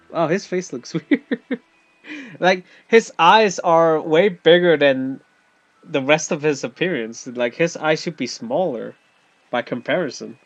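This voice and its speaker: A man's voice: a little high, vocal fry, muffled recording. A man chatting casually while playing a game, laughing often and joking at himself. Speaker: gamer.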